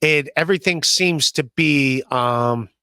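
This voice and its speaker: A man's voice: fairly high pitch, slow pace, sharp tone, clean tone, dry recording, studio quality. A man hosting a podcast, talking casually in a rambling way, with many fillers and restarts. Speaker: podcast host. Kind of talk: casual chat.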